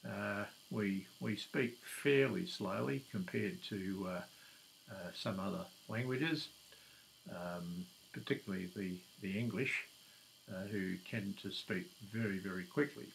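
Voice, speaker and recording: A man with an Australian accent hosting his own channel, talking to camera in an unhurried, casual way with lots of fillers and dry jokes. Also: lowish voice, creaky, slight background noise, low-quality recording. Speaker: channel host.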